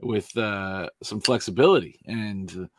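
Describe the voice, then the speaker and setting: A man's voice: on the low side, measured pace, no room sound, clean studio sound. A man chatting casually as a podcast guest, easygoing and agreeable, laughing often. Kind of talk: casual chat.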